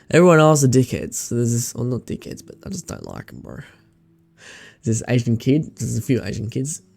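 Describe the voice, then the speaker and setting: A man's voice: medium pitch, vocal fry, darkish tone. A young man with an Australian accent chatting casually to camera in a vlog, rambling, slangy and sweary. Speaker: vlogger.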